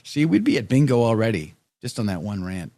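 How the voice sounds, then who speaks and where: A man's voice: fairly low pitch, big pitch swings, a little fast, dark tone, no room sound, studio quality. A man hosting a show, chatting casually and reading viewer comments with playful, mock-indignant rants. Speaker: show host.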